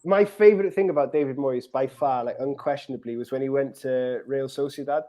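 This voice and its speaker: A man's voice: medium pitch, brisk. A man co-hosting a football podcast, telling stories with frequent laughter. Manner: laughs often, animated storytelling. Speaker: podcast co-host. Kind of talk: casual football chat.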